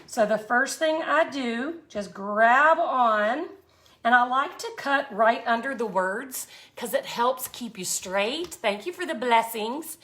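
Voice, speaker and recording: A woman's voice: fairly high pitch, expressive, slow pace, a bit bright. A middle-aged woman hosting a live craft tutorial, chatty and folksy, greeting viewers by name as she works. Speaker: art tutorial host.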